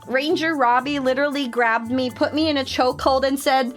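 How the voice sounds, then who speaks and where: A woman and military veteran casually telling a story on her stream, animated and laughing as she acts out friends' voices. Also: high-pitched, a little fast, few pauses, music in the background.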